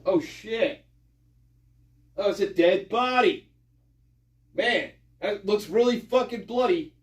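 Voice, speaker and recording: A man's voice: sits high, slow pace, long pauses, echoey room, distant mic. A man giving mocking, sarcastic commentary, swearing and rambling with lots of repetition. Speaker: online commentator.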